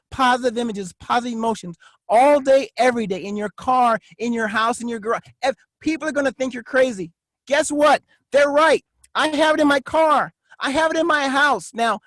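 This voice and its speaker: A man giving a motivational vlog monologue as a network marketing coach, emphatic and repetitive, dropping to a low confiding tone for asides. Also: normal speed, a bit bright, no echo. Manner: emphatic, repetitive, preacher-like cadence.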